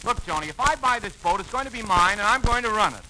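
Stubborn, pushed-around fellow. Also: male voice, high-pitched, animated, fast talker. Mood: plaintive. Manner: plaintive, stubborn, easily flustered. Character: stubborn, easily bullied young man. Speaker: comic lead. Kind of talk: 1940s radio comedy acting. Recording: hissy 1940s radio recording.

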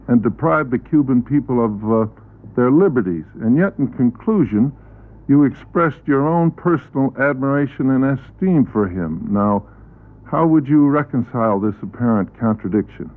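A man interviewing a guest on a panel show, asking formal, measured questions. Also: medium pitch. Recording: tinny archival broadcast audio.

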